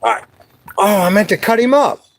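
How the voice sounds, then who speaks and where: A man live streaming while fishing from a boat outdoors, excitable and joking, with frequent swearing. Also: high-pitched, brisk, creaky, slight background noise. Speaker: livestreamer.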